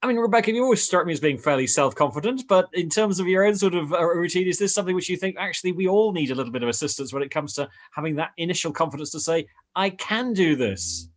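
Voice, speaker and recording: A man hosting a radio interview, asking long halting questions. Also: high-pitched, animated. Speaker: radio host.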